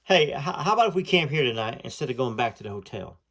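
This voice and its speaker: A man's voice: medium pitch, lively intonation, fast talker, a bit bright, breathy edge. A man voicing an earnest, hopeful young man in love, speaking in a heartfelt, pleading way.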